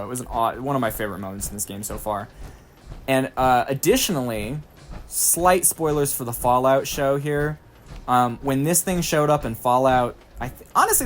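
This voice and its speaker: A man streaming a video game, chatting casually and thinking aloud as he plays, excitable and quick to swear. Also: medium pitch, a little hiss or hum. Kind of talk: casual let's-play commentary.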